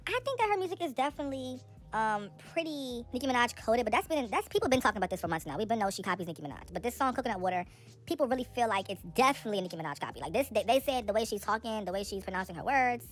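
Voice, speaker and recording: A young woman giving casual, sassy entertainment gossip commentary, chatty and animated with quick asides. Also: fairly high pitch.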